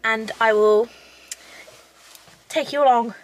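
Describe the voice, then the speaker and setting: A young woman talking casually to camera for a day-in-the-life vlog, gushing and excitable, full of "like" and "oh my God". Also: a little high, takes it slowly. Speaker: lifestyle vlogger.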